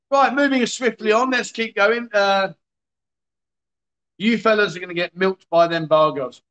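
A man's voice: sits high, measured pace, a bit bright, muffled recording. Chatty man hosting a livestream. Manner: chatty, jokey, exasperated asides. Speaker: livestream host. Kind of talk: casual livestream chat reading viewer comments.

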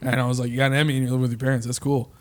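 A man's voice: mid-range voice, little pitch movement, very fast. A young man co-hosting a podcast, telling stories in laid-back, slangy casual chat. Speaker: podcast co-host.

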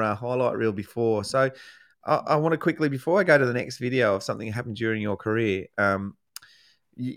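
Laughing Australian host, dry sound. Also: male voice, medium pitch, no room sound. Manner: storytelling, laughs often. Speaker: podcast host, former footballer. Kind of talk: casual interview chat.

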